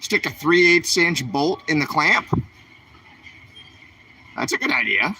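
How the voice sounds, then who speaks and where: A man's voice: a little high, expressive, takes it slowly, pushed and bright, husky. Chatty man shopping on a livestream. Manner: chatty, asks his viewers questions. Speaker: vlogger. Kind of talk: livestream vlog while shopping. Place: store aisles.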